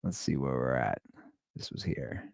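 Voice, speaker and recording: A man's voice: rumbling low, expressive, moderate pace, gravelly, darkish tone, no room sound, clean studio sound. A man hosting his show, giving amused, rambling commentary on a prank call. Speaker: show host. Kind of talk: casual commentary.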